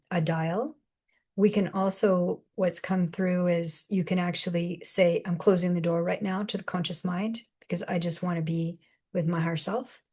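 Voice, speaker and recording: A woman with a slightly low voice talks through spiritual ideas in an easygoing, meandering way. She often acts out snippets of inner dialogue as she goes. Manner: rambling, animated, acts out quoted voices with laughs. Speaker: spiritual channeler guest. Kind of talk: casual spiritual guidance talk.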